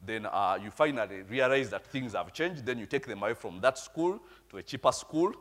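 A man's voice: medium pitch, lively intonation, normal speed, a bit bright. A middle-aged man, preaching a storytelling sermon and checking in with his congregation. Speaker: pastor.

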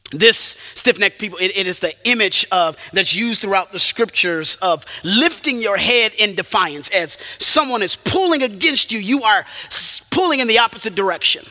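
A man preaching a sermon, emphatic, swinging from loud points to quiet asides. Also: sits high, big pitch swings, moderate pace, big-room sound. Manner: emphatic, rises and drops sharply for effect.

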